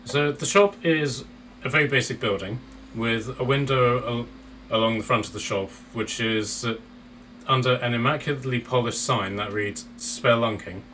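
A man's voice: on the low side, fairly bright tone. A man narrating as game master of a tabletop game, loose and rambling with many fillers, on a distant mic with faint noise.

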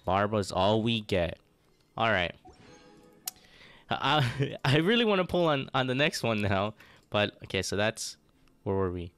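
A young man casually commentating his own game pulls, thinking aloud, losing count and getting excited over results. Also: fairly low pitch, measured pace, pauses often, clear, resonant tone, faint music behind. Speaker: gaming YouTuber. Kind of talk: casual gacha pull commentary.

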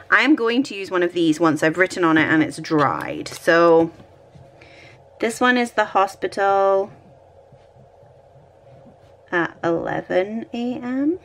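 Scottish woman, home crafting vlogger, chatty and self-mocking, animated pitch. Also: a little slow, pauses often, slight background noise. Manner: chatty, thinking aloud, self-deprecating. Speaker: planner vlogger. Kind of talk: casual chat while decorating a planner.

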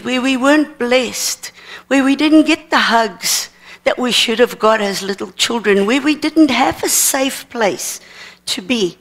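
A middle-aged woman teaching at a ministry seminar, sharing a personal testimony in an earnest, halting way with repeated words. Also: sits high, a bit bright.

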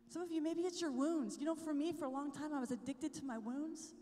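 A young woman giving an animated talk at a youth conference, telling her story, sometimes whispering and sometimes shouting. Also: high voice, brisk, few pauses. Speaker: conference speaker. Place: large hall. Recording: long hall reverb.

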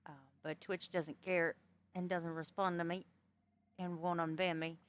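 A woman's voice: lowish voice, flat delivery, measured pace. A woman from the US East Coast, streaming a roleplay game and chatting casually, blunt and profane in an easygoing way. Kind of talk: casual chat while playing a roleplay game.

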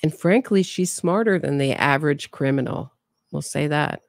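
A woman's voice: low voice, normal speed, creaky, no echo. Sarcastic lady doing true crime commentary, dry mic. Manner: sarcastic, opinionated. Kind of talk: casual commentary.

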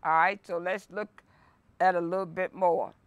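A woman pastor leading a Bible lesson, reading scripture aloud and preaching with slow emphasis and repetition. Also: lowish voice, steady tone, clean tone, no echo. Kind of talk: sermon-style Bible lesson. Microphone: no mic, by her own words.

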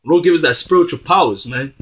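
Husky guy reading bible verses, fairly high voice, cusses and slangs between lines. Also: fairly quick, fairly bright tone. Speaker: preacher. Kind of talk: scripture reading with street-talk commentary.

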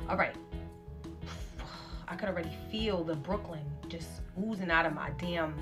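A woman with a New York accent talking brashly in a casual clip, swearing as she goes. Music plays clearly behind her voice. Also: fairly low pitch, unhurried, far from the mic. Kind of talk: casual social video.

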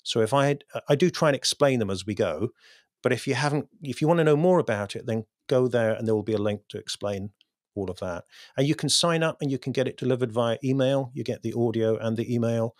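Male guest, mid pitch, thoughtful and restarting, dry close sound. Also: quick pace, a little mellow, no room sound. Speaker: podcast guest, poet. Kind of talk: casual interview talk.

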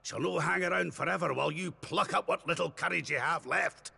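A man voicing a lecherous, bumbling old male king with a gravelly, husky voice, over game music. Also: fairly high pitch, a little fast, bright, forceful tone, dry recording, exaggerated voice. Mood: wheedling. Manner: wheedling and flustered.

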